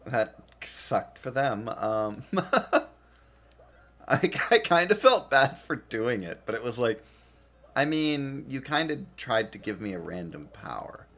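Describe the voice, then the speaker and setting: This man's mid-range voice is fairly bright and sing-song, and he speaks slowly. Worn out while streaming a game, he rambles through casual chat, laughing frequently and being self-deprecating.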